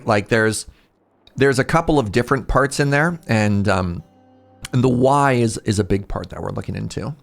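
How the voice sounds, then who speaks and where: A male streamer in casual chat with his viewers, rambling and cutting himself off, with sudden animated outbursts. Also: mid-range voice, normal speed, gravelly, long pauses.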